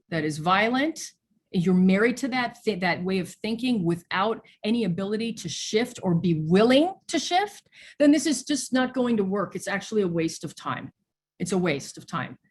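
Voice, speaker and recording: A woman's voice: mid-range voice, very animated, moderate pace, husky. A woman pastor leading an online church service over a video call, speaking earnestly and giving thanks to supporters. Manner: earnest, preacherly, thanks people by name.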